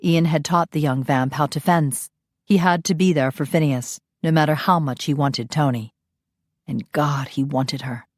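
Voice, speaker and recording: A woman narrating a romance audiobook in a steady, unhurried, intimate reading. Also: low-pitched, no echo, studio quality.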